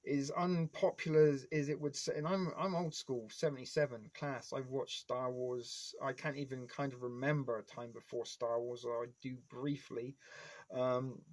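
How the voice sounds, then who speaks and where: A man's voice: medium pitch, steady tone, normal speed, darkish tone. A man in his forties streaming live, rambling casually with heavy swearing and nostalgic fan enthusiasm.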